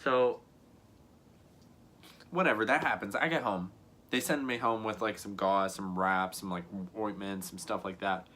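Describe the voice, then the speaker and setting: A young man telling a story in a vlog, animated, often acting out other people's lines and filling his talk with "like". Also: fairly low pitch, takes it slowly, long pauses. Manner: frequent "like" fillers, laughs between lines. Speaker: vlogger.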